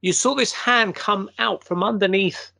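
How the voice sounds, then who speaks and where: A man, a guest, telling a long anecdote in a casual, animated way and acting out the quotes. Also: sits high, a little slow, creaky, no room sound.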